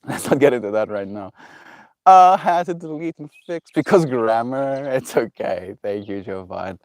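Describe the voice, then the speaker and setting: Male livestreamer, casual reflective chat, gentle, laughs a lot, dry close sound. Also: mid-range voice, animated, moderate pace, dry recording. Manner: gentle, self-affirming, laughs often, meandering. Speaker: daily livestreamer.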